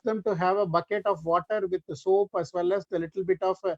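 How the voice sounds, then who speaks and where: A man with an Indian English accent giving a fast, rambling lecture full of fillers on a video call. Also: high-pitched, fairly even intonation, no room sound. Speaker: webinar speaker, physiotherapist. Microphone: computer or headset mic on a video call. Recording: dull, lo-fi video call audio.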